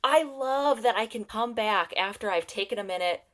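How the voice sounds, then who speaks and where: A woman in her thirties, a guest on a parenting podcast, speaking earnestly and reflectively, slowing down to think aloud. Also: mid-range voice. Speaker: guest, parenting program client. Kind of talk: conversational interview.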